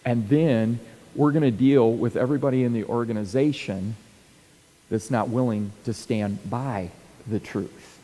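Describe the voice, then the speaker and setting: Animated storytelling man in a reverberant hall. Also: mid-range voice, measured pace. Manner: animated storyteller, acts out quotes and sound effects. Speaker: speaker coaching church leaders. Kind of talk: teaching talk with stories.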